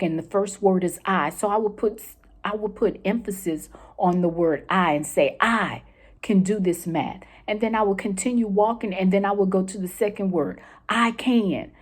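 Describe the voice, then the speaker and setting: A woman's voice: fairly low pitch, dark tone. A woman coaching listeners through a self-help lesson, encouraging and repetitive, often checking in with "okay?". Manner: encouraging, repeats key points, checks in with "okay". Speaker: mental health coach.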